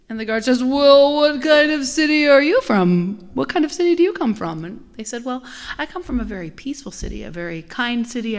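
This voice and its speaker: A middle-aged woman giving a conversational sermon as a guest minister, telling stories with acted-out voices and sometimes dropping to a soft whisper. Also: lowish voice. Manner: animated storytelling, acts out quoted voices; drops to a soft whisper on key points.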